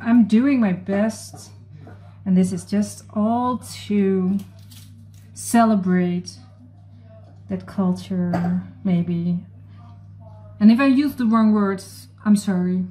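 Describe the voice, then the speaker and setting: A woman's voice: medium pitch, slow, pauses often, dark tone. A woman from the Netherlands with a Dutch accent, chatting to viewers in a casual cooking vlog and reading out recipe steps, often apologizing. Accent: Dutch, with American-leaning English. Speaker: cooking vlogger.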